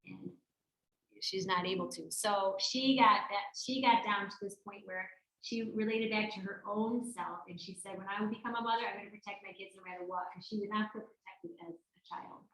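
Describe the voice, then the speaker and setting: A woman's voice: medium pitch, fairly even intonation, normal speed, fairly bright tone. A woman leading a live workshop, talking conversationally and acting out the voices she quotes. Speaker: workshop presenter. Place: workshop room at a yoga studio. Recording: roomy echo.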